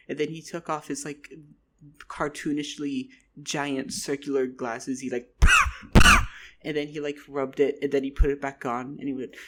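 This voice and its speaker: A man telling a rambling, comedic made-up story in a rapid, stumbling way. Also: mid-range voice, fairly even intonation, background noise.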